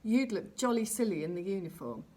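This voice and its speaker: A woman's voice: mid-range voice, very animated, a little fast. A woman voicing a cheerful, confident boy scout who teases a little, in a storybook reading. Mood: teasing. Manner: bright, bossy, teasing.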